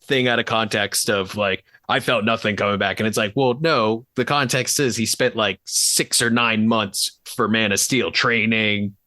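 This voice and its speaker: A man's voice: on the low side, fairly even intonation, measured pace, few pauses, sharp tone, dry recording. A man co-hosting a podcast, chatting casually and enthusiastically about films with lots of fillers. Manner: enthusiastic, rambling with many fillers. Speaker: podcast co-host. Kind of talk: casual film chat.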